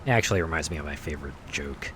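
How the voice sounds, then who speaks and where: A man's voice: very deep voice, rapid-fire, sharp tone, slight background noise. A man streaming a game, chatting casually in a rambling, hesitant way with many fillers. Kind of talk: casual chat while playing.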